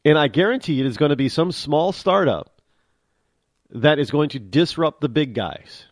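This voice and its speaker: A man's voice: fairly high pitch, animated, normal speed, dry recording, clean studio sound. A man hosting a talk show, delivering an opinionated monologue with emphatic restarts and repeated words.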